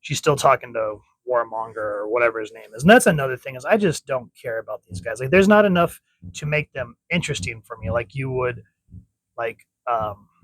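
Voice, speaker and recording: A man's voice: mid-range voice, fairly bright tone, no echo, poor audio. A man giving a casual comic book review, chatty and rambling, often correcting himself.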